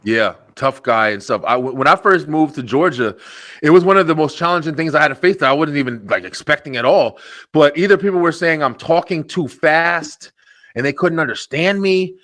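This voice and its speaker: A man with a New Jersey accent hosting a web show over a video call, talking fast and excitably with lots of slang and fillers. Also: a little high, no echo. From Elizabeth, New Jersey. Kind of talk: casual interview chat.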